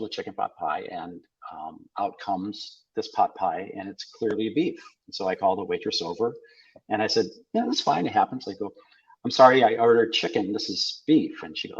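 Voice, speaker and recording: An older South Dakota man, a podcast guest, speaks in a lowish, husky voice. He tells wry anecdotes in casual conversation, quoting people's lines back and forth. The audio is dull and lo-fi.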